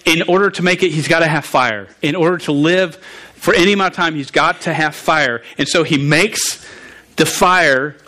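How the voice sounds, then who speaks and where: Halting preacher, higher voice. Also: male voice, pushed and bright. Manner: halting, frequent stumbles and restarts, asks the audience questions. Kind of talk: conversational sermon.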